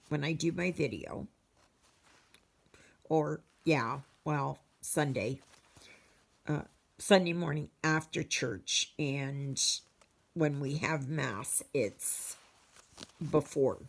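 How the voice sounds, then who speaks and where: A woman's voice: deep voice, vocal fry. A Canadian woman chatting casually to her viewers as a cross-stitch vlogger, rambling and storytelling with many fillers.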